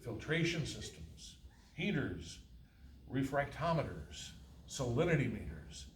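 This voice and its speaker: A man's voice: mid-range voice, very animated, unhurried. Male author reading his own fiction live; dry, wry; roomy hall, heard from a distant camera with faint hiss. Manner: dry, wry delivery with occasional chuckles. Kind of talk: live reading of a first-person novel. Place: college faculty reading room.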